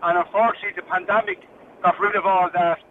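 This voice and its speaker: A man's voice: high voice, flat delivery, quick pace. A man in his late fifties with an Irish accent, calling in to a radio show and joking easily. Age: 50s. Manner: jokey, easygoing. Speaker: caller. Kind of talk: casual phone chat. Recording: phone line with faint noise.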